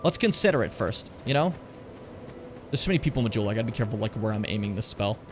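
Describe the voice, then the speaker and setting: A young man commenting on his own gameplay in a casual stream, muttering to himself and then yelling at enemies. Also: on the low side, rapid-fire, slight background noise. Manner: animated, swings from mutters to yells at enemies.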